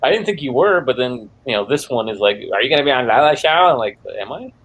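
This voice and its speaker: A man's voice: medium pitch, animated, fast talker, a bit bright, poor audio. A man on a casual group video call who cracks teasing, provocative jokes.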